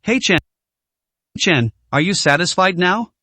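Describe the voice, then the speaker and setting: A man's voice: high voice, lively intonation, a little slow, sharp tone, no room sound, voice pushed up, full character voice. A man voicing an arrogant, hot-tempered rich young heir in an audio story, with a hostile, sneering tone.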